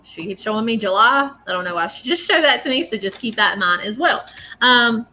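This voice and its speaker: A woman's voice: on the high side, animated, a little fast, sharp tone, a little hiss or hum. A woman gives a live-stream psychic reading, chatty and often checking in with "okay?". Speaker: psychic medium.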